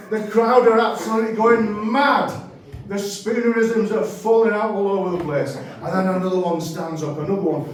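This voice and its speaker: Male comic, rambling storyteller, high voice, very echoey room. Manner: rambling, animated storytelling with self-corrections. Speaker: stand-up comedian. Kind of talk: stand-up set. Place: comedy club stage. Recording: very echoey room, mic at a distance.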